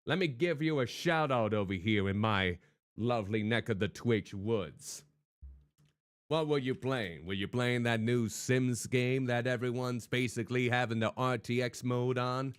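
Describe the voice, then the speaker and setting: This man, mid-range and unhurried, sounds clean with no echo, a clean studio recording. Live-streaming a game, he puts on a hardboiled noir private-eye voice and chats with viewers, greeting them by name, while faint music plays behind him.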